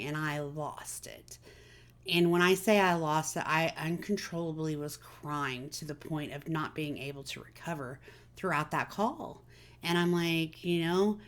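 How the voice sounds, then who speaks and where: A woman's voice: deep voice, normal speed. A woman hosting a casual personal chat, talking candidly and confidingly with many fillers. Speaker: vlog host.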